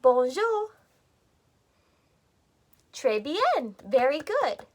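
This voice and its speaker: A woman's voice: high-pitched, big pitch swings, normal speed, fairly bright tone. A woman reading a picture book aloud to children in a teacherly way, coaxing them to repeat words and join in. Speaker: children's storytime reader.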